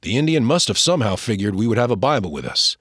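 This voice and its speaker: A man reads a first-person story aloud with a husky, fairly low voice, his pitch rising and falling freely. The sound is dry and close, with no room around him. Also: fast talker, dry recording. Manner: expressive, shifting voices for characters. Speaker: audiobook narrator.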